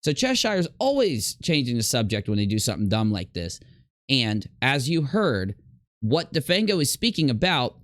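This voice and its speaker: A man's voice: medium pitch, dry recording, studio quality. Emphatic man commenting over clips. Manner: emphatic, rambling, drawn-out stresses. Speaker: YouTube commentator.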